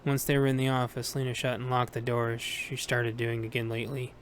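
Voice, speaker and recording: A man narrating an audiobook in a steady, plain reading voice with small self-corrections. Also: medium pitch, fairly quick, a little hiss or hum. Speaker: audiobook reader.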